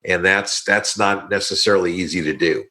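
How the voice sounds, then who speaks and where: A man's voice: low voice, fairly even intonation, normal speed, pushed and bright. A man hosting a podcast interview, talking casually and repeating words as he thinks aloud. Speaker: podcast host.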